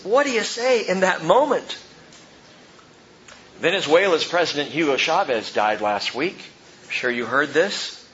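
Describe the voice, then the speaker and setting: High-voiced animated male preacher. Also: highs cut off, slight background noise. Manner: animated preaching, rising and dropping sharply for emphasis. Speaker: pastor. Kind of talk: sermon.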